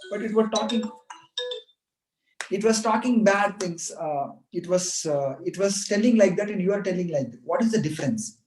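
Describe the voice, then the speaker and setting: A man's voice: high-pitched, animated, normal speed, darkish tone, soft background music. A man voicing a puzzled male sage in a story, asking a parrot about a difference he saw. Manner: bewildered questioning. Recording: echoey room.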